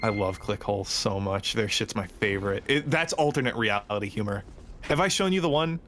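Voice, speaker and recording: A man with a fairly low voice jokes and swears casually while he plays a game with a friend. There is faint noise and game ambience behind him. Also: lively intonation, fairly quick, a bit bright. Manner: joking, laughs often, swears. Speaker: co-player. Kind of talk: casual gaming chat.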